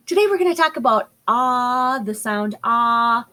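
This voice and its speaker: A woman teaching first graders a phonics lesson, slowly and patiently sounding out each word. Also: a little high, lively intonation, bright, forceful tone, low-quality recording. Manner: sounds out words slowly and clearly. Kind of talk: slow, patient phonics lesson for young children.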